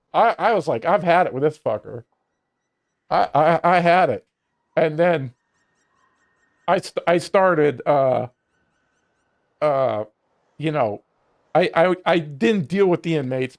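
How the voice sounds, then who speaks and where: Man, high-pitched, casual game stream chat, profane, heated storytelling. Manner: profane, heated, laughing retelling.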